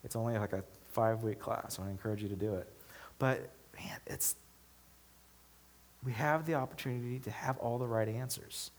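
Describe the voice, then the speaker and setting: A man preaching a sermon as a pastor, talking in a conversational way and building to animated, emphatic stretches. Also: mid-range voice, moderate pace.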